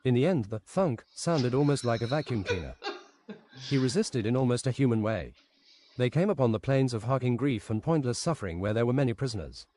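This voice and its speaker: A man on a livestream reads a story aloud in a steady, deadpan way. His voice sits at an ordinary middle pitch. Loud clicking from his setup runs behind him. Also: a little fast, a little hiss or hum. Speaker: streamer.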